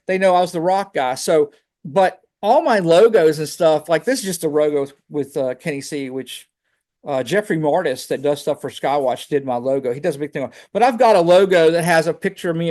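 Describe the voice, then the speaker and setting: Animated man telling stories on a call. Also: on the high side. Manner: animated storytelling, fillers like "man". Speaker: guest speaker. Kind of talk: casual testimony on a video call. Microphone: video call.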